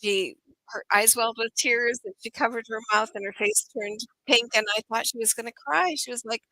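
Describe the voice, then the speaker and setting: A woman's voice: on the high side, brisk, dry recording, rough recording. A middle-aged woman, an accent coach, telling a story as an interview guest and acting out the dialogue with animation. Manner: animated, acts out quoted dialogue.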